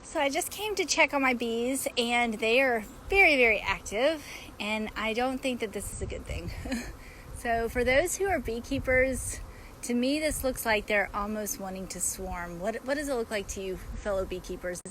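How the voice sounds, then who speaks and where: A woman films in her backyard on a phone, chatting and coaxing the bees along. Her voice sits fairly high and turns excitable. Faint outdoor noise and buzzing run underneath. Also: moderate pace. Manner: excitable, chatty, laughs often, talks to the bees. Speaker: backyard beekeeper. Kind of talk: casual outdoor vlog narration.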